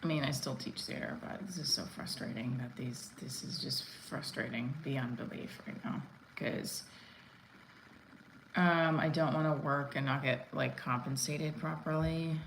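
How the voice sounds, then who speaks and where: A woman's voice: rumbling low, fairly even intonation, a little slow, slight background noise, poor audio. A woman who is an actress chatting casually on her live stream, rambling and candid, with lots of fillers and casual swearing.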